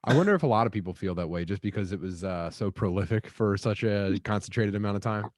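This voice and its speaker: A man's voice: on the low side, fast, no room sound. A man from Kensington, Philadelphia, chatting casually on a podcast with dry wit and casual swearing. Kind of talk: casual chat.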